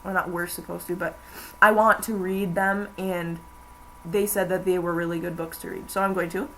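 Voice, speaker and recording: A woman's voice: fairly low pitch, little pitch movement, normal speed, bright, forceful tone, a little hiss or hum, rough recording. A young woman in college, chatting casually to camera in a rambling way with many fillers. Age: young adult. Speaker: vlogger. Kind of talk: casual chat.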